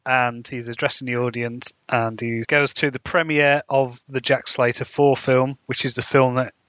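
A man's voice: mid-range voice, level tone, normal speed, fairly bright tone, no echo. A man co-hosting a film review podcast, chatting casually and adding dry quips. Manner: adds dry quips and short agreements. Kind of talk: casual chat. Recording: dull, dry close mic.

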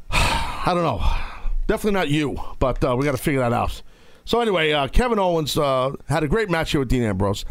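Brash wrestling podcast host, dry studio sound. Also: male voice, on the high side, sing-song, a little fast, no room sound. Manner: loud, playful, breaks into shouting bits. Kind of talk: casual wrestling talk. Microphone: studio mic.

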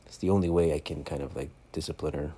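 A man's voice: very deep voice, fairly even intonation, quick pace, warm tone, slightly rough. A man hosting a casual solo podcast, rambling and joking with frequent swearing. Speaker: podcast host.

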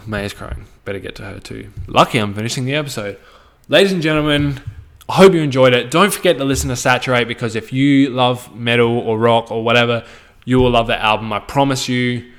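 A man's voice: medium pitch, a bit bright. An Australian man hosting a podcast, ranting casually with blunt, heavy swearing and a preachy tone. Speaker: podcast host.

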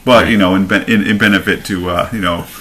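A man's voice: deep voice, fast talker. A man chatting casually about a movie, acting out scenes in different voices. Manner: animated, acts out scenes in voices. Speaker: movie reviewer.

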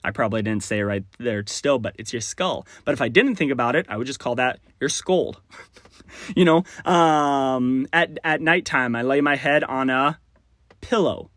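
A man's voice: medium pitch, normal speed, a bit bright, dry recording, clean studio sound. A young man from Texas hosting a solo podcast, talking in a rambling, friendly, self-deprecating way. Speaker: podcast host. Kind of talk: casual solo podcast monologue.

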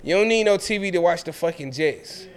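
A young man co-hosting a podcast, bantering loudly in a teasing, profane way. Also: high voice, lively intonation, fairly quick, clear, resonant tone. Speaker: podcast co-host. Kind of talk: casual chat.

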